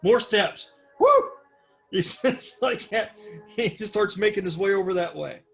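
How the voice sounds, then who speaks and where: A man running a tabletop role-playing session and describing the scene to his players. His voice is fairly high for a man. He rambles in a relaxed way and fills his pauses with many ums. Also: creaky, faint music behind. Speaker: game master. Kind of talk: narrating a tabletop game.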